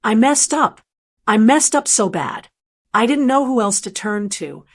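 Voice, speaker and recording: A woman voicing a frightened young man in debt, halting and stammering with remorse. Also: on the high side, expressive. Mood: tearful.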